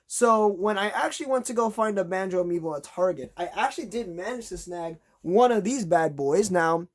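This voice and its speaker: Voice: medium pitch, a little fast. A vlogger telling a long, exasperated story in a casual rant, acting out conversations in a raised voice.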